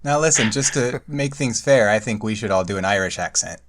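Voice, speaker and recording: A man's voice: on the low side, animated, fairly quick, a bit bright. A man in casual podcast chat, joking and teasing.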